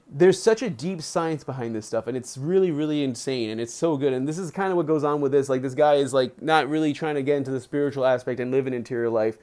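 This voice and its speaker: A young man live-streaming from home, reading a book aloud and breaking off into excited, rambling commentary full of "like". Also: mid-range voice, brisk. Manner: excitable, rambling, heavy on filler "like". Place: indoors at home, settled under a blanket.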